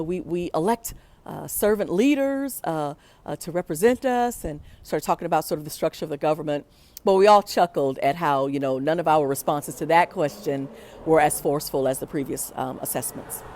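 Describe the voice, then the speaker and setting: A woman's voice: low-pitched, a little mellow, slight background noise. Reflective woman telling a personal story. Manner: reflective, acts out quoted voices.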